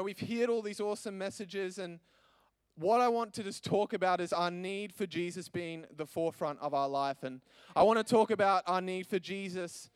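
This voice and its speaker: A young man preaching as a youth pastor, earnest and animated, with many restarts and fillers. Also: high voice, clear, resonant tone, dry recording. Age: young adult. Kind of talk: sermon.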